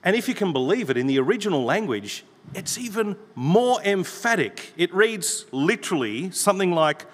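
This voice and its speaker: A man's voice: high voice, big pitch swings, normal speed. A man preaching a sermon, reading scripture aloud with emphasis. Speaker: pastor. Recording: long hall reverb.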